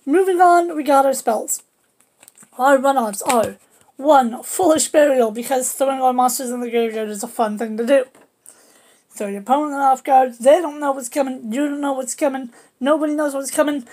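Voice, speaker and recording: Woman, high voice, casual deck walkthrough, cheeky trash talk and silly sound effects. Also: normal speed, darkish tone. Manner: playful, trash-talking, with goofy sound effects. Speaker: card game deck presenter. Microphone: camera on a table.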